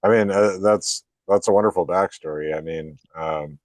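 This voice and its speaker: A low-voiced man hosting a podcast who answers his guest in halting, hesitant bits. The audio is dry, with no room sound. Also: dry recording. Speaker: podcast host. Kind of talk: casual interview chat.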